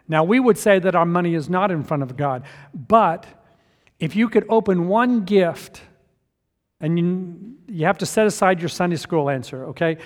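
High-voiced male pastor preaching, hall reverb. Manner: swings from hushed to loud and emphatic. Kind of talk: sermon. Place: church sanctuary. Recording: long reverb of a church hall.

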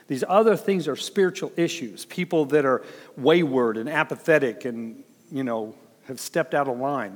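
A slightly high-pitched man preaches as a pastor in a large hall. His sermon is built around personal stories, which he tells with chuckles while acting out what people said.

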